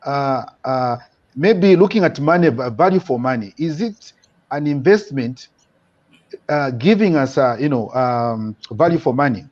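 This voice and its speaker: A man hosting a talk show, putting questions to his guest with many fillers and pauses. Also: medium pitch, expressive, a little mellow, no room sound, lo-fi sound. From Zambia.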